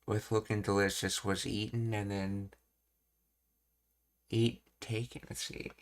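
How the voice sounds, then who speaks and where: A man with a lowish voice talks very slowly through grammar points, halting and restarting as he reads and puzzles things out. He sounds like a streamer studying aloud. Keyboard typing and clicking sit behind him. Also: level tone. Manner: slow, halting, pausing to read and puzzle things out. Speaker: language learning streamer. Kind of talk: thinking aloud while studying Japanese grammar.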